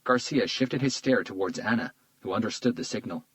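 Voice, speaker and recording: A man narrating a crime thriller audiobook in a steady, measured read. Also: lowish voice, no room sound, poor audio. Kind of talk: scripted narration.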